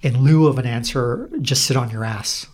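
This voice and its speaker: A man talking in a relaxed, reflective way on a podcast. He laughs easily and swears casually. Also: mid-range voice, moderate pace, slightly rough.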